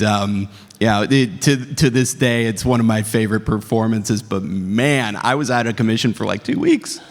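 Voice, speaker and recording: Eager stammering man in a big hall. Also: medium pitch. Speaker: voice actor panelist. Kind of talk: casual convention panel chat. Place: convention panel hall. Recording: reverberant convention hall.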